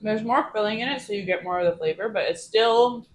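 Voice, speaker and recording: A woman's voice: medium pitch, brisk, a little hiss or hum, poor audio. A woman chatting playfully and teasing while she cooks on a stream in her home kitchen. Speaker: cooking streamer. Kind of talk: casual cooking stream chat.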